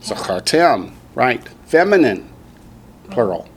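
A man's voice: medium pitch, very animated. Patient Southern man teaching a class. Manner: slow, patient drilling with repetition. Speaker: Hebrew teacher. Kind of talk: classroom language lesson.

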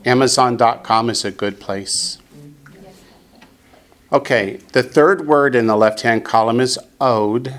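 A man teaching a Hebrew class, saying each word slowly and clearly so his students can repeat it. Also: mid-range voice, fairly bright tone. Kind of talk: classroom lesson.

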